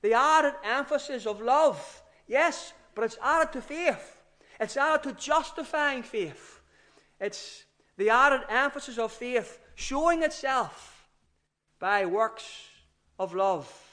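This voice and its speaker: Slow, high-voiced male preacher. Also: expressive, sharp tone. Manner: slow, emphatic, repeats key phrases. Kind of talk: sermon.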